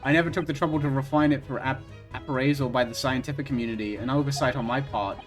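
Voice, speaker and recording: A man reading aloud the lines of an eccentric, grandiose male gentleman detective from a game, in a formal, theatrical manner. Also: mid-range voice, fairly even intonation, fast talker, music in the background, lightly acted. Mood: grave.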